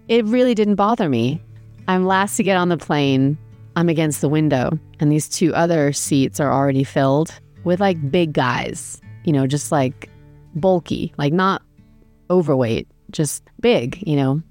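A woman with a notably low voice tells a rambling travel story in a loose, chatty way. She fills her talk with "like" and "you know" and laughs at herself. Soft guitar music plays faintly behind her. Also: a little slow. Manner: chatty, self-deprecating, lots of fillers. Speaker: podcast host telling a travel story. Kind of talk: casual storytelling monologue.

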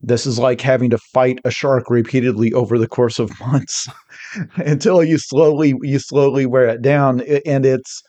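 A man as a podcast guest in a casual discussion, talking in an animated way and quickly acting out quotes. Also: mid-range voice.

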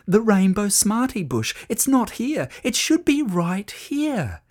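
Storyteller putting on a panicky little aussie boy, high yelpy voice, bouncing all over the place. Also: big pitch swings, takes it slowly, a little mellow. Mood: worried. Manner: high, urgent, yelping cries. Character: young boy, frantic and impatient.

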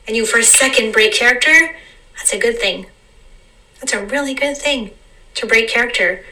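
Bright-voiced woman musing off the cuff. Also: a little high, far from the mic, low-quality recording. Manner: meandering, repeats phrases, slows down to stress words. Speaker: vlogger. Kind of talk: unscripted reflective monologue.

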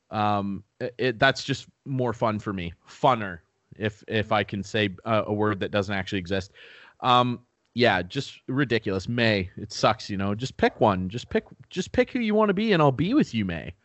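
Animated ranting man. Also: medium pitch, moderate pace, dry recording. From Canada. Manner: animated, ranting, swears freely. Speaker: podcast co-host. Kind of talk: casual chat.

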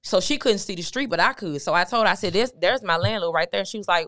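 Smooth, low-voiced woman telling her story. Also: fast talker, a bit bright, no room sound, studio quality. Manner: conversational, recounting with quoted dialogue. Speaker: guest, motivational speaker. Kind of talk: candid storytelling interview.

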